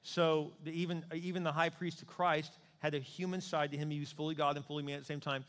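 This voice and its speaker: Pastor, male, high-ish voice, lively preaching style, acts out voices, long hall reverb. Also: quick pace. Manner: animated preaching, acting out voices of God and people praying. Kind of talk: sermon.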